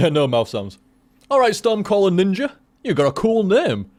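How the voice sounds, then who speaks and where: A man's voice: sits high, very animated, measured pace, darkish tone. A young man chatting casually to his stream viewers, rambling and swearing with lots of restarts.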